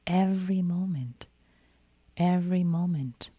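A woman meditation teacher giving a gentle, repetitive dharma talk in which she acts out inner thoughts. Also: on the low side, unhurried, no echo, lo-fi sound. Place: meditation hall.

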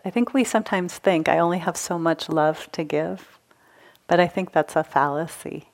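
Gentle woman teaching meditation, low voice. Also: normal speed. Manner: gentle, engaging, asks the audience to raise hands. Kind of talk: dharma talk at a retreat. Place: meditation hall with a live audience.

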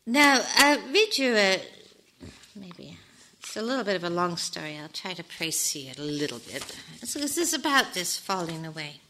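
A woman meditation teacher giving a gentle, reflective dharma talk, with soft whispered asides. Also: on the low side, very animated, moderate pace, a little hiss or hum, rough recording.

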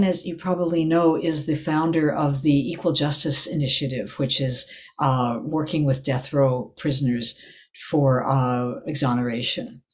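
Older woman, meditation teacher, unhurried reflective dharma talk, often restarts her sentences. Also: very deep voice. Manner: meandering storytelling, restarts and self-corrections.

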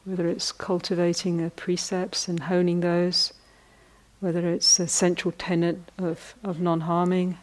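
A middle-aged woman, a meditation teacher, giving a reflective dharma talk at a retreat in a conversational way, with frequent pauses and restarts and laughter at her own jokes. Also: on the low side, completely flat delivery.

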